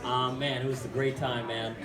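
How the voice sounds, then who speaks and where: A man's voice: medium pitch, little pitch movement, normal speed. A young man doing stand-up, telling a story in a rambling, self-mocking way full of fillers. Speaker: stand-up comic. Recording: echoey room from far off with crowd.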